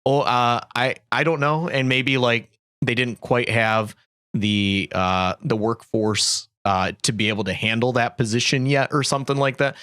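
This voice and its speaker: A man's voice: medium pitch, fairly even intonation, moderate pace, a bit bright, clean tone, no room sound, clean studio sound. A man hosting a casual podcast chat, talking hesitantly with many restarts.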